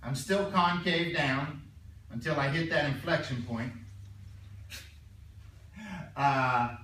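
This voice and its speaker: A man teaching a calculus class, chatty and stumbling over repeated words, clearing his throat now and then. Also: mid-range voice, slow, bright, forceful tone, a little hiss or hum. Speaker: math teacher. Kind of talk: classroom lecture. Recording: echoey room, mic far off.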